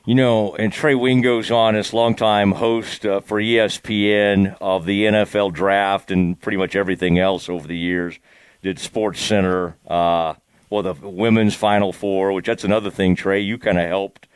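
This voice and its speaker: Male host, low and resonant, easygoing interviewer. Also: flat delivery, moderate pace, smooth, no room sound. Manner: easygoing, rambling questions. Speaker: podcast host. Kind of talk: casual chat.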